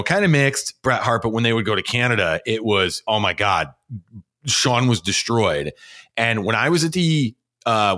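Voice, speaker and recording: A man with a bright, forceful voice, talking in loose, excitable podcast chat. He rambles and fills gaps with ums as he goes. His voice sits fairly low. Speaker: podcast co-host. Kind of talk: casual chat.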